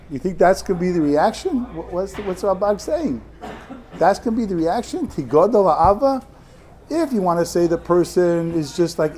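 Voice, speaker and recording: Man, Torah class, stop-start delivery, fairly high voice. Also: a little mellow. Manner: halting, many restarts, mixes Yiddish and Hebrew terms. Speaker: yeshiva rebbe. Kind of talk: Torah lecture to students.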